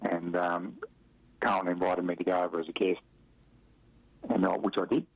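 A man's voice: sits low, level tone, normal speed, creaky, dry recording. A middle-aged Australian man from Western Australia, telling stories about his football career in a rambling interview, with lots of fillers and chuckles. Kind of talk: relaxed storytelling in an interview. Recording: dry, dull lo-fi radio audio.

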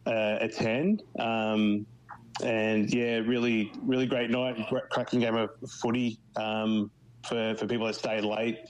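Halting Australian man, flat low voice. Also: slight background noise, rough recording. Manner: halting, many fillers and restarts. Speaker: guest, football club official in Canada. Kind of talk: phone-in radio interview.

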